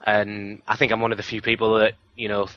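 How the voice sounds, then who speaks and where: A man's voice: lowish voice, monotone, a little fast, no echo, lo-fi sound. A man from the UK co-hosting a casual film review chat, talking in a chatty, hedging way with many fillers. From United Kingdom. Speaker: film review podcast co-host.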